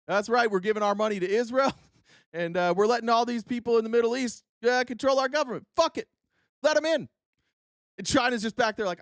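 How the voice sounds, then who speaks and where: Brief: heated, foul-mouthed political commentator, sarcastic, mid-pitched, dry close recording. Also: animated, moderate pace, no echo. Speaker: host of a political commentary show. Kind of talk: reading news excerpts and ranting commentary.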